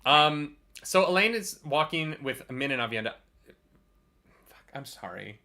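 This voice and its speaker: A book club podcast co-host chatting casually on a livestream, animated and swearing freely. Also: medium pitch, unhurried.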